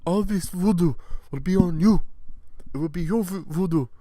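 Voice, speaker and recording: A gang boss hurls loud, repetitive voodoo threats in a raised, strained voice, as a man puts him on. The delivery is boastful and menacing. It is a sketch inside a comedy podcast. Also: high voice, normal speed, pitched above the performer's own voice, close to an everyday voice.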